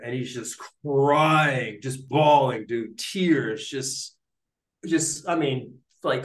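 Young guy, neuroscientist, rambling story full of likes and dudes, echoey room. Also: mid-range voice. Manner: animated, slangy, lots of likes and dudes. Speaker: neuroscientist guest. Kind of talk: casual storytelling in a podcast interview. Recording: roomy echo.

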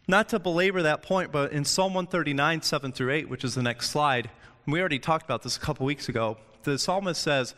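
A man's voice: a little high, lively intonation, fast talker, sharp tone. A man giving a casual, joking sermon, often checking in with his listeners. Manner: chatty, joking, keeps asking "right?". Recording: long hall reverb.

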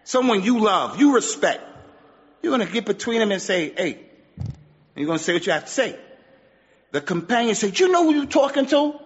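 Male preacher, high voice, emphatic and repetitive delivery; muffled recording with long hall echo. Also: expressive, normal speed, long pauses. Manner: emphatic, repeats points, mixes in Arabic phrases. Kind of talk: sermon.

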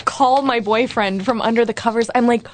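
A woman in her thirties telling stories in casual comedic chat, quick-witted and chatty. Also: on the high side, fairly even intonation, slight background noise.

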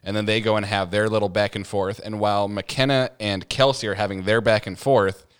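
A man's voice: on the low side, fairly even intonation, fairly quick, clean tone, dry recording, clean studio sound. A man co-hosting a podcast, retelling a reality show episode in casual chat and acting out quotes. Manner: storytelling, acts out quotes with laughs. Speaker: podcast co-host.

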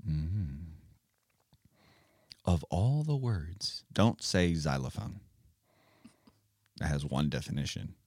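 A man's voice: sits low, very animated, slow pace, long pauses, darkish tone, dry recording, clean studio sound. A man hosting a casual Bible podcast for children, talking in a playful, teacherly way. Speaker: podcast host.

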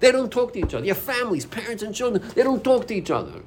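A man's voice: high voice, very animated, racing, a little hiss or hum. A man teaching an informal Torah class, acting out inner voices and dialogues as he explains.

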